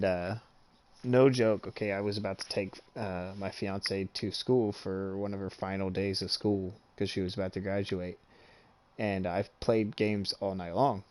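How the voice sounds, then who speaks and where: A man's voice: lowish voice, dry recording. Young man, gaming streamer, casual storytelling, swears a lot, laughs often, dry close sound.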